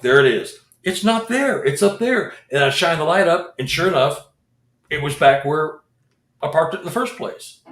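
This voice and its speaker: A man's voice: mid-range voice, fairly bright tone, reverberant. A man who researches Bigfoot and leads expeditions, telling a rambling story with restarts and repeated words. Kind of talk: casual storytelling.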